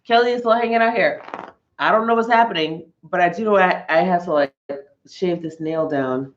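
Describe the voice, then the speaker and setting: A woman co-hosting a casual chat podcast, animated and jokey, swearing freely. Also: lowish voice, normal speed. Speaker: podcast co-host. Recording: roomy, dull lo-fi sound.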